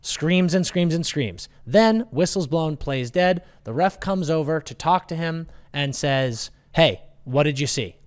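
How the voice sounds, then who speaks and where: A man's voice: fairly high pitch, animated, a little slow, hardly any pauses, smooth. A male podcast host with a mid-range voice who rants and swears freely. He tells stories in a blunt, casual way. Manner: profane, ranting storyteller. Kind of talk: casual chat.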